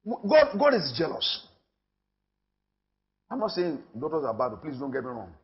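A man with a Nigerian accent preaching a sermon in church. He talks with emphasis, repeats his phrases and swings from loud to hushed. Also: a little high, huge pitch swings, unhurried, highs cut off. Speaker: pastor.

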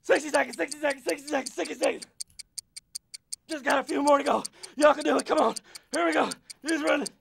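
A man acting as a coach, leading a one-minute exercise break with loud rallying calls and jokes. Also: very high voice, fairly even intonation, fast, creaky. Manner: counts down and chants along while exercising. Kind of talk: energetic workout instruction.

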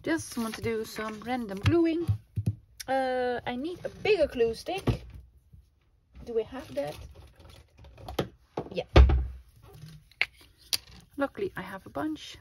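A woman's voice: high voice, lively intonation, measured pace. A woman chatting casually to her viewers and to herself while making a collage, laughing often. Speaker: craft vlogger. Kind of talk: casual crafting vlog chat. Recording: clear background noise with clicks.

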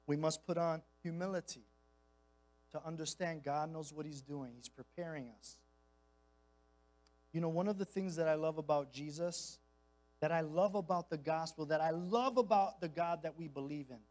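A man guest-preaches a sermon at a church, blending impassioned and conversational delivery with casual slang and repeated phrases. His voice runs somewhat high and a little mellow, and the recording is rough.

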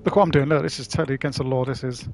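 A man's voice: medium pitch, steady tone, very fast, creaky, a little mellow, slight background noise. A man chatting casually on a live stream while playing, laughing often and swearing freely.

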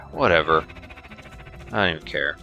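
A man hosting a gameplay video, his voice bright and cutting, jumping across a wide pitch range as he curses at the game. He sounds a little tipsy and quick to lose his temper. Faint game music plays behind him. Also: vocal fry, muffled recording. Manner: profane, excitable outbursts. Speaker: let's-play host. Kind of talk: casual gameplay commentary.

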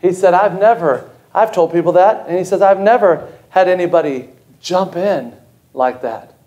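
Male pastor, higher voice, emphatic storytelling sermon in a church sanctuary. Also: normal speed, muffled recording. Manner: emphatic, storytelling preacher who rises to high excited peaks.

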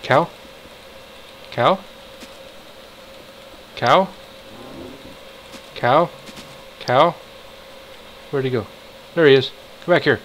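A man giving casual commentary while playing a game, talking to himself, swinging between frustrated outbursts and excited shouts. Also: medium pitch, extremely slow, pauses often, a little hiss or hum, low-quality recording. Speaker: gamer.

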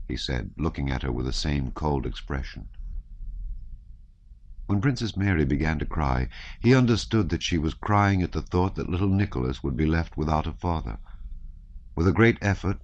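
A man narrating a classic novel as an audiobook in a measured, even reading. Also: a bass voice, no room sound. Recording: slightly dull, dry recording.

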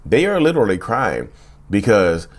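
A man's voice: lowish voice, wildly swooping pitch, moderate pace. A man hosting his own channel, talking casually to his viewers, repeating himself and saying "y'all" a lot. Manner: conversational, repeats phrases, says "y'all" often. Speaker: YouTube host. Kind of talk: casual talk to camera.

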